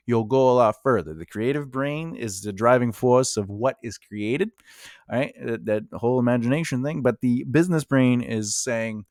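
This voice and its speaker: A man's voice: medium pitch, dry recording, studio quality. A male screenwriter talking casually to camera, giving advice on writing and acting out little exchanges as he goes. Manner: conversational, acts out quoted exchanges.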